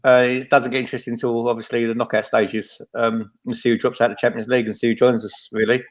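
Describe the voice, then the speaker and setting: A man's voice: medium pitch, flat delivery, quick pace. A man hosting a casual football fan podcast, laid-back and self-mocking, with many ums. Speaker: podcast host.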